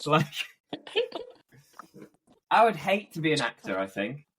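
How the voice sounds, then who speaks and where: A man's voice: fairly high pitch, big pitch swings, unhurried, fairly bright tone, a little hiss or hum. Guy on a chat podcast, dry jokey asides, really up-and-down voice. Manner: wry, joking asides. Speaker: podcast co-host. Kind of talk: casual chat.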